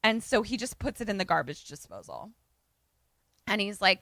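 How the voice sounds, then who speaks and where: A young woman co-hosting a podcast, casually recapping a movie in animated fashion, acting out the characters' lines and swearing freely. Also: mid-range voice, normal speed, dry recording, studio quality. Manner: animated storytelling with quoted voices, frequent swearing. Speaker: podcast co-host.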